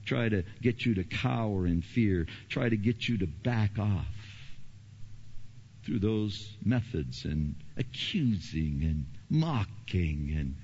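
A man preaching a sermon as pastor, emphatic and animated. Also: on the low side, takes it slowly, breathy edge. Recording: dull lo-fi recording.

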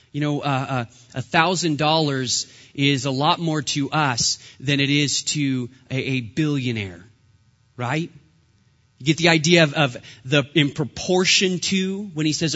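A man in his thirties, a pastor, preaching a sermon with lively, humorous storytelling. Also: on the high side, muffled recording.

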